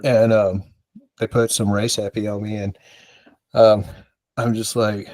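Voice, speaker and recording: A man's voice: lowish voice, flat delivery, unhurried, pauses often, a little mellow, no room sound. A man from the American South, a podcast co-host, telling a rambling, self-mocking story in casual chat and acting out the dialogue.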